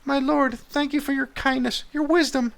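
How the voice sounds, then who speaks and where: A man voicing a desperate young peasant wife, begging the king for her husband's life in a high falsetto. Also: flat delivery, normal speed, vocal fry, fairly bright tone, full character voice. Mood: pleading.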